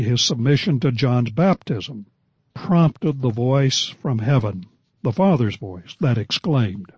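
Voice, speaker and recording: An older man, a radio preacher, delivering a sermon in a measured, deliberate way, slowing down to stress key words. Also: mid-range voice, darkish tone, slightly rough, no echo, lo-fi sound.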